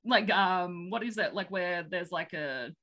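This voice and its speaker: A woman's voice: fairly low pitch, unhurried, a bit bright. A woman, chatting casually and laughing often as she recaps a film. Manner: giggly, chatty, many fillers.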